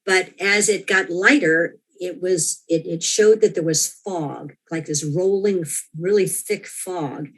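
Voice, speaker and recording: A woman's voice: fairly low pitch, a little slow, hardly any pauses. A woman as an interview guest, earnestly recounting a personal experience, often restarting and quoting her own thoughts. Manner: earnest, with frequent restarts and quoted inner thoughts.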